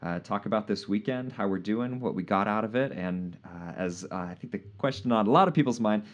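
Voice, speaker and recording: A relaxed man hosts a live podcast with a fairly low voice. He chats loosely with his guests, laughs easily and leans on "uh" while he thinks. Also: brisk, lo-fi sound. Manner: easygoing, laughs often, many "uh" fillers. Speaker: podcast host. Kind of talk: casual live podcast chat.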